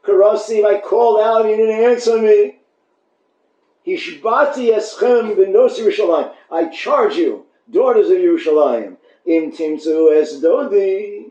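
A rabbi putting on a fickle lovesick young woman, pitched up, echoey room, muffled audio. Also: unhurried, dark tone. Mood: pleading. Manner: dismissive then breathless and pleading. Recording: echoey room, dull lo-fi sound.

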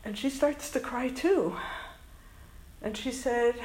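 A woman's voice: on the high side, slow, pauses often, a little mellow, roomy sound, low-quality recording. Earnest Canadian woman telling a story. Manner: earnest, emotional, peppered with Hebrew and Yiddish words. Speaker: school principal and summer camp director. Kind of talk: heartfelt storytelling talk to an audience.

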